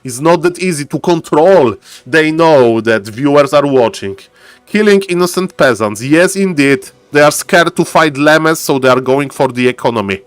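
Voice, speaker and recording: Excitable man casting a strategy game. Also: fairly high pitch, moderate pace, clean tone, dry recording. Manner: excitable, repeats catchphrase "ladies and gentlemen". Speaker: esports caster. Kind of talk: live game commentary.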